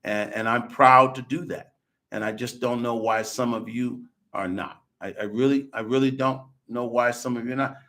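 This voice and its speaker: A man's voice: mid-range voice, steady tone, normal speed, a bit bright. A man hosting a podcast, lecturing and arguing in answer to viewer comments, with rhetorical questions, restarts and frequent "okay?". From United States. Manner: lecturing, rhetorical, repeats himself and says okay often. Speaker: podcast host.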